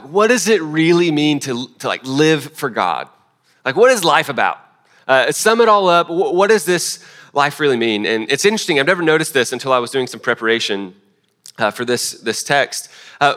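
A man delivering a sermon to a congregation, his voice bright and forward. He talks in a loose, chatty way, with restarts and fillers and self-deprecating asides, at a middling pitch. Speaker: pastor.

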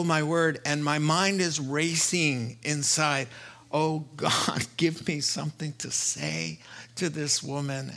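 A middle-aged man preaching a sermon as pastor, earnest and storytelling, his voice climbing higher as he retells conversations. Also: gravelly, fairly bright tone. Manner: earnest, storytelling, rises in pitch when retelling dialogue.

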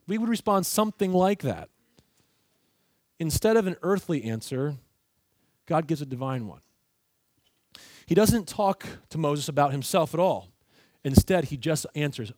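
A man preaching an earnest sermon, dropping low and soft whenever he quotes God. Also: animated, moderate pace, no room sound. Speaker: pastor.

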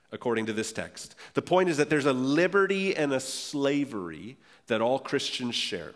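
A male pastor delivers a sermon in a voice of ordinary pitch, earnest and emphatic, drawing out the words he wants to land. His voice rings with the long reverb of a church hall. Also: big pitch swings. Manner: earnest, emphatic, slows for key phrases.

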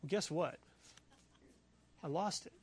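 A man preaching as a pastor, telling a personal story in an animated, excitable way with many fillers. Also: a little high, takes it slowly, slightly rough. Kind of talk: sermon storytelling.

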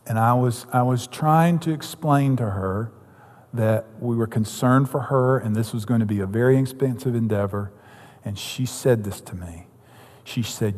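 In a church sanctuary, a pastor with a lowish, slightly mellow voice preaches a sermon, telling a story before driving his points home with emphasis. The recording carries long hall reverb.

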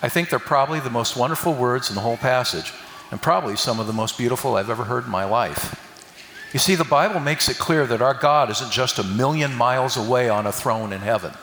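A man's voice: medium pitch, a little fast, a bit bright, slight background noise. An older man giving a folksy sermon with jokes and call-and-response with the congregation. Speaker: preacher. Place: church hall. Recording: echoey hall from a distance.

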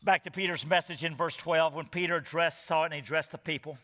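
A man's voice: fairly high pitch, steady tone, fast, sharp tone. A man preaching an expository sermon, earnest and emphatic, often asking the congregation rhetorical questions. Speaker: pastor. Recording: echoey hall reverb.

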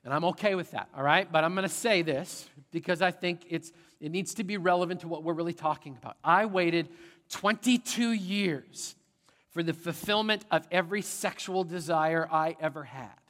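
A middle-aged man preaching to his congregation in a lively, conversational way, often pausing to check in with them. His voice sits a little high for a man. The sermon rings out with the long reverb of a big church hall. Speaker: pastor. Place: large church sanctuary.

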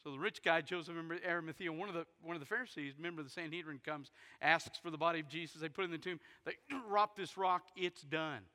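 A man preaching a sermon, retelling a story dramatically and swinging from loud bursts to hushed near-whispers. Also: on the high side, fast, few pauses. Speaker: pastor. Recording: long hall reverb in a big sanctuary.

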